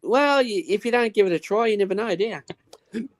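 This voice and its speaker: A man's voice: sits high, expressive, moderate pace, a little hiss or hum. A man joking around as a friend on a stream call. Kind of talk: casual banter.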